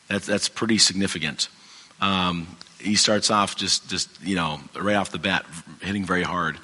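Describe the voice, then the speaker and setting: A man's voice: deep voice, fairly even intonation, normal speed, pushed and bright, long reverb tail. A man teaching from the Bible in a casual, conversational way, with a strained, fading voice, many fillers and restarts. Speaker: pastor.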